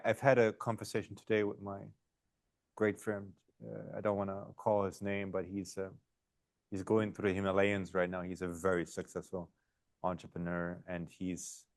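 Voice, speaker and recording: A man hosting an interview, with a very low voice. He asks long questions haltingly, backing up and restarting as he goes. The recording is close and dry. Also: no echo. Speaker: podcast host.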